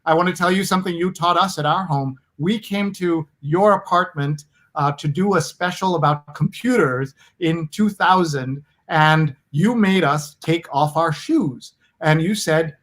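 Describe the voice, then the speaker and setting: A man's voice: high voice, a little slow, fairly bright tone. A man hosting a casual interview over a video call, chatty and eager to promote his show. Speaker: host.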